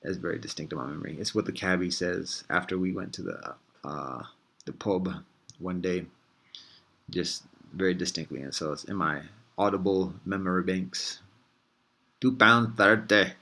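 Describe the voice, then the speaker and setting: A man's voice: low-pitched, moderate pace, creaky, fairly bright tone, breathy edge. A man hosting a casual reflective monologue, thinking aloud in a meandering, easygoing way with frequent restarts and conversational slang. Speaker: host.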